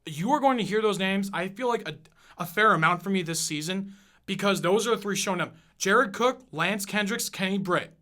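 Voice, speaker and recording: Casting: high, bright-voiced man in his 20s, profane podcast host, rants with fired-up emphasis. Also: moderate pace. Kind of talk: casual sports rant.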